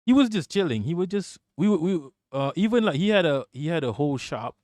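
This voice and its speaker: A man from Malaysia hosting a livestream, telling stories in an animated, swearing, casual way. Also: a little high, a little fast, dry recording. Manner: animated, profane storytelling. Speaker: livestream host.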